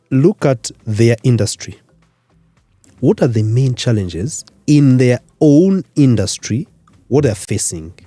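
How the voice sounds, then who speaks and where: A man from Rwanda, a career expert guest on a radio interview, explaining in numbered points with lively emphasis. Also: mid-range voice, no echo. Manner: animated, lecturing in numbered points. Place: radio studio.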